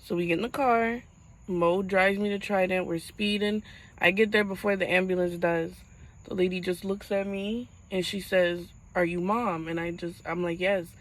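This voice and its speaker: A young woman vlogging to camera, telling a painful personal story in a halting voice as she fights back tears. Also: fairly low pitch, fairly even intonation, low-quality recording.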